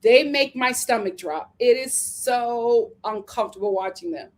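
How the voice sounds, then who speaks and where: A woman's voice: fairly high pitch, unhurried. Sassy woman recapping reality TV. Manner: sassy, animated, laughs often. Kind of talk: casual recap chat.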